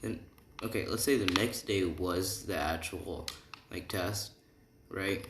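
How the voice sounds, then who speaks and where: A man's voice: deep voice, takes it slowly, background noise. A young man casually telling an improvised fan story, rambling loosely and checking in with "right?" often. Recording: echoey room, faint keyboard typing.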